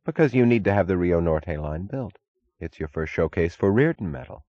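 A man's voice: low voice, moderate pace, no echo, muffled recording. A man voicing a determined female railroad executive who speaks evenly and directly. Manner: even, direct, businesslike.

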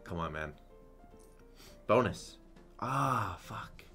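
Casting: young male streamer, deep voice, hype slot commentary, faint music behind. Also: drawn-out words. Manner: excitable, swears a lot, chants "come on". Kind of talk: live gambling commentary.

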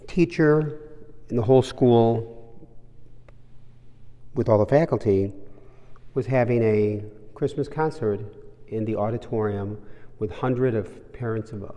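A priest speaks slowly in a mellow, fairly low voice, easing into jokes and little stories with unhurried warmth of delivery. His words carry a long reverb, as if recorded in a large church hall. He is a patient, gently humorous storyteller. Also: highs cut off.

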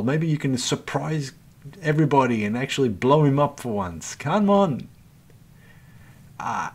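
A man's voice: mid-range voice, darkish tone. A man gives running commentary over his own gameplay as the channel host. He grumbles, swears freely and talks to himself and his viewers. His tone stays exasperated throughout.

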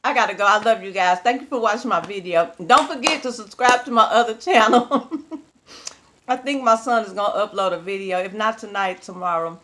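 A woman vlogging straight to camera in a loose, folksy way. She chats with viewers like old friends and laughs easily. Her voice sits at an ordinary middle pitch. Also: normal speed, a bit bright, a little hiss or hum. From Texas. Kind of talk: casual chat to camera.

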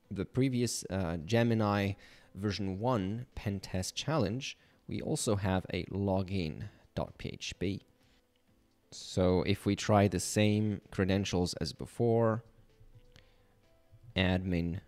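A man narrates a hacking walkthrough over his screen, explaining each step to his viewers. His voice sits low and he takes his time, pausing and thinking aloud with casual fillers. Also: darkish tone. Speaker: channel host teaching penetration testing. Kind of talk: screen-recorded tutorial walkthrough.

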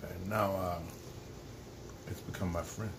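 A man's voice: low-pitched, measured pace, gravelly. A man, co-hosting a casual live-stream chat, rambling and restarting. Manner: relaxed, rambling, frequent restarts and laughs. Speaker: co-host. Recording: faint background noise.

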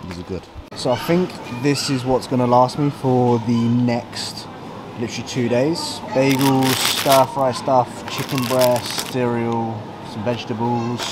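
A man's voice: medium pitch, very noisy. A man, a bodybuilder vlogging a road trip from his car and a supermarket in rambling, sweary banter. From south of England. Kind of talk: casual road-trip vlog.

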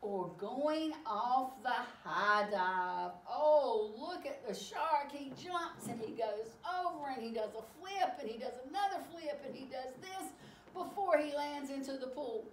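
A woman reading a picture book aloud to children, exclaiming often in an animated way. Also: high voice, slight background noise. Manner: animated, exclaiming, slow and warm-paced. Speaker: storyteller. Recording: echoey room, far from mic.

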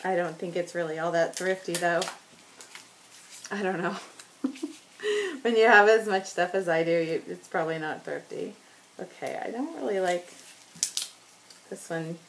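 A woman who vlogs about scrapbooking chats while crafting a layout, laughing often and teasing herself. Her lowish voice is unhurried with frequent pauses. The low-quality recording carries a bit of hiss or hum.

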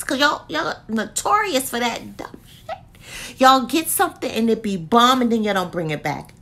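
A woman's voice: a little high, normal speed. A woman reviewing a candle in a casual, slangy vlog full of laughs. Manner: animated, slangy, laughs often.

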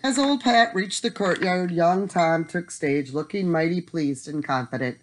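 Expressive bedtime storyteller reading aloud. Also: mid-range voice, a little slow, slight background noise.

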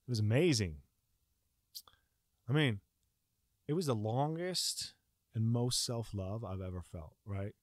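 A young man telling a personal story in a casual, profane way, acting out his own panic with sudden shouts. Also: lowish voice, measured pace, pauses often, no echo, clean studio sound.

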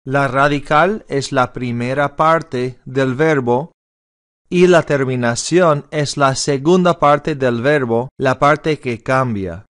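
A man's voice: medium pitch, unhurried, fairly bright tone. A man teaching a Spanish grammar lesson, spelling out verb endings letter by letter and mixing English with Spanish. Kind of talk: slow deliberate classroom lesson.

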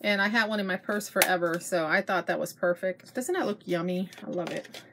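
A middle-aged woman with a drawl chats through her shopping haul from home, gushing over each find and calling out to her viewers. She talks at a middle pitch into a simple camera mic. A faint hiss sits behind her voice. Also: brisk. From Texas. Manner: chatty, gushing, addresses viewers as you guys. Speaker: haul vlogger. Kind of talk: casual show-and-tell chat.

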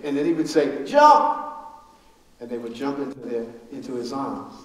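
A man's voice: mid-range voice, steady tone, brisk, a little mellow, close to an everyday voice. An actor playing an elderly preacher father who tells his family's story with earnest grief and stumbles over repeated words when moved. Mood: sorrowful. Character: grieving elderly preacher father, steadfast and forgiving. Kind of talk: live theatrical storytelling. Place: school auditorium. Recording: echoey hall, mic far off.

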